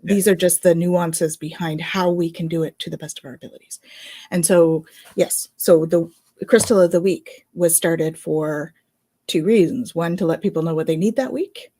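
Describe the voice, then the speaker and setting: Husky-voiced woman co-host, giggly. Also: fairly low pitch, steady tone, dark tone. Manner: giggly, quick to agree. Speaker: co-host and energy healer. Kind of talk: casual online talk show chat.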